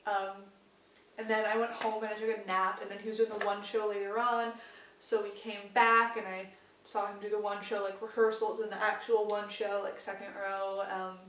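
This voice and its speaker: A woman's voice: medium pitch, a little hiss or hum. Chatty young woman gushing on a vlog. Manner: excited, gushing, full of "like" fillers. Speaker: vlogger. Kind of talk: casual storytelling vlog. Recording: roomy sound from a distance.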